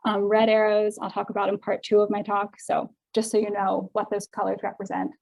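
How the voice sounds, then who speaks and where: A woman's voice: mid-range voice, completely flat delivery, brisk, gravelly, darkish tone, rough recording. A woman giving an academic seminar talk, explaining research carefully with frequent ums, her voice sounding tired. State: voice getting tired. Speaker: seminar speaker.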